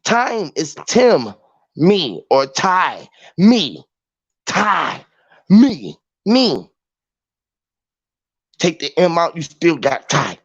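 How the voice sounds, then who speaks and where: A man's voice: a little high, sing-song, extremely slow, pauses often, a bit bright, breathy edge, dry recording. A man hosting a show, delivering a rambling monologue full of profane wordplay, spelling words out letter by letter. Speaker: podcast host. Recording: dull lo-fi, dry.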